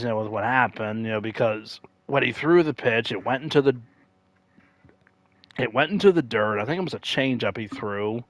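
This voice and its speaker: A man talks casually on a gaming livestream, wandering from thought to thought with plenty of "like" and "uh". He has a mid-range voice, recorded dry and close with no room sound. Now and then he bursts into loud, high-pitched impressions of announcers. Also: no room sound. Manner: rambling, many fillers and self-corrections; acts out quoted announcers with sudden loud high outbursts. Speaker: livestream gamer.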